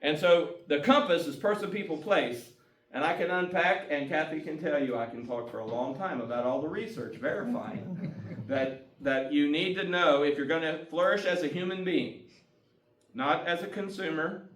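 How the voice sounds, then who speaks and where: A man's voice: on the high side, moderate pace, a bit bright. A man giving a casual, folksy community talk as a guest speaker, often chuckling between points. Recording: echoey room, mic far off, guitar music.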